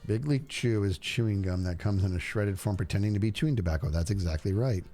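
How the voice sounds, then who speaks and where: A man's voice: fairly low pitch, fast talker, mellow, faint music behind. A man streaming a game, chatting casually and rambling to his viewers. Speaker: livestreamer. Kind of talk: casual gameplay stream chat.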